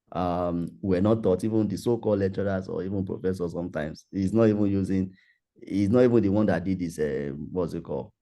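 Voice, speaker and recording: Deep-voiced man leading a workshop. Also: mellow. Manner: conversational, repetitive, loose phrasing. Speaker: workshop facilitator. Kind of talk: online workshop talk and Q&A.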